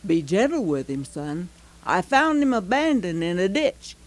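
A woman doing a calm, low-voiced country dad. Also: measured pace. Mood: gentle. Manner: low, calm, kindly instruction. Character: gentle rural father, middle-aged man.

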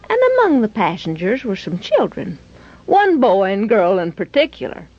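A woman narrating a children's story in a lively, expressive way. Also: mid-range voice. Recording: dull, dry lo-fi recording.

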